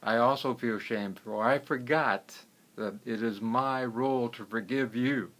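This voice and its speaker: A man voicing a wealthy man from long ago, quick-tempered yet forgiving, speaking in a raised, emphatic voice. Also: medium pitch, fairly bright tone. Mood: gentle.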